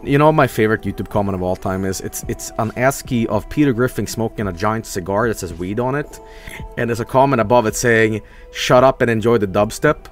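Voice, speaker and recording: A man streaming a game, talking casually and swinging between low mutters and loud exclamations. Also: a little fast, faint music behind. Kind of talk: livestream game commentary.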